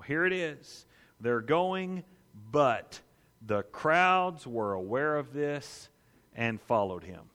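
A man preaching a sermon as pastor, telling the story with animated, playful asides, in a church. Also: on the high side. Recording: echoey hall.

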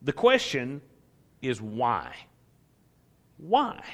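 A man's voice: a little high, expressive, normal speed, fairly bright tone, highs cut off. A male preacher giving a conversational sermon on the Psalms. He is emphatic and keeps pressing the congregation with repeated rhetorical questions.

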